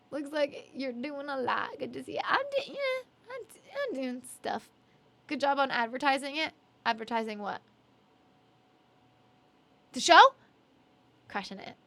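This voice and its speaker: A woman's voice: high-pitched, fairly bright tone. A young adult woman streamer chatting casually with viewers, giggly and emotional, teary and yawning, often apologizing. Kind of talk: casual chat reading viewer messages.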